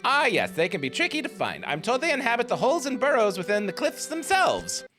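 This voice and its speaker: A man's voice: extremely high pitch, huge pitch swings, a little fast, sharp tone, faint music behind, voice pushed up, exaggerated voice. A man voicing a cheery, chatty eccentric village woman in a game playthrough, sweetly pushy as she hands out errands. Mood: chirpy.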